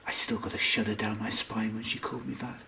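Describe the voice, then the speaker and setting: A man reading a comic science fiction audiobook with wry, expressive narration. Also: on the low side, quick pace, creaky. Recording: echoey room, distant mic, faint noise.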